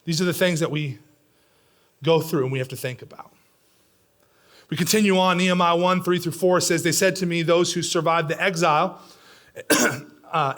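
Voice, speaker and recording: A middle-aged man preaching a sermon in a church, swinging between loud, pressing lines and hushed, near-whispered ones. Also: fairly high pitch. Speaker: pastor. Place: church sanctuary.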